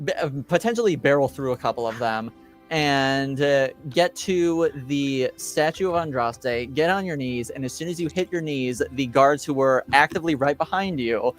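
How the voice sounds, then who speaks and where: A man's voice: mid-range voice, normal speed, faint music behind. A man narrating as game master, hesitant and full of fillers.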